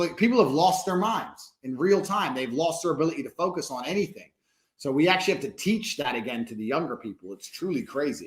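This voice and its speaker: A man speaking bluntly and emphatically as a podcast guest, swearing and repeating himself for force. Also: medium pitch. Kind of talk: podcast conversation. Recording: roomy echo.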